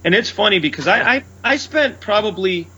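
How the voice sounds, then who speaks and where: A man, a comedian and show headliner, chatting casually and telling stories in a loud, brash way, acting out what he said. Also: high voice, lively intonation, a little fast, husky, muffled recording. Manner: loud, brash storyteller who acts out his own lines. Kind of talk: casual chat.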